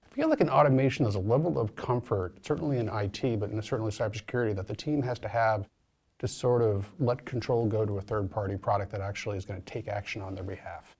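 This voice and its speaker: Fast-talking man with a Boston accent. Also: fairly low pitch, darkish tone, husky. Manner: quick, chatty, thinks aloud with fillers. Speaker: industry analyst, co-host. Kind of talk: casual discussion.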